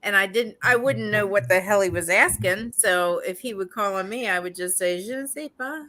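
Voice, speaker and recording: A woman's voice: mid-range voice, normal speed, pushed and bright. A woman in casual livestream chat, giggly and teasing.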